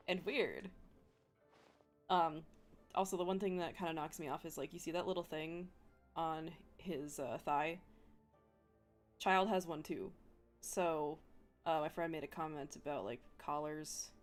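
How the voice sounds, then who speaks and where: Giggly rambling young woman streamer. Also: low-pitched. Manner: rambling, giggly, many fillers and restarts. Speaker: vtuber streamer. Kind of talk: casual chat with viewers.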